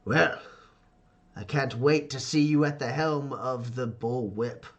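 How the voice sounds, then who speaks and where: A man's voice: mid-range voice, slow. A man playing a smug domineering clan father. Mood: commanding. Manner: commanding, smug, raised voice.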